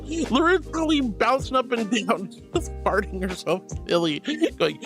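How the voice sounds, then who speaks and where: Playful, animated woman streamer. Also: on the high side, measured pace, few pauses, soft background music. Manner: playful, animated, reads chat aloud with mock indignation. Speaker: VTuber streamer. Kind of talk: casual live stream chat.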